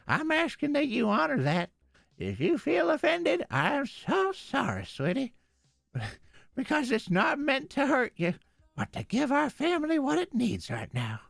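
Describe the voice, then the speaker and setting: A man voicing a sweet old grandmother who guilt-trips gently and apologizes in a falsely syrupy way. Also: very high-pitched, huge pitch swings, unhurried, gravelly, no echo, clean studio sound, pitched above the performer's own voice, heavily acted. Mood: sugary.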